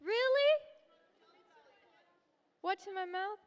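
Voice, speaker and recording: A high-voiced American woman at a stage Q&A, bubbly and playful, often breaking into laughter. The sound rings with the long echo of a big hall. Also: takes it slowly, dull audio, a faint crowd. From United States. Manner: excitable, playful, laughs a lot. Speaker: YouTuber guest. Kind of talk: live stage Q&A. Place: large convention hall. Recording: echoey convention hall.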